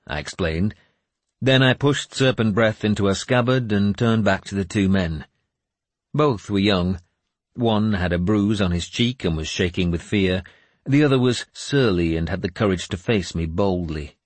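A man narrating a first-person historical audiobook in a measured, grave storytelling manner. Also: low-pitched, husky, no room sound.

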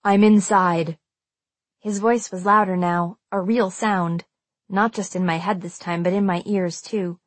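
A woman's voice: on the low side, steady tone, moderate pace, dry recording. A woman reading a first-person audiobook aloud, telling a tense and suspenseful story. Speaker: audiobook narrator.

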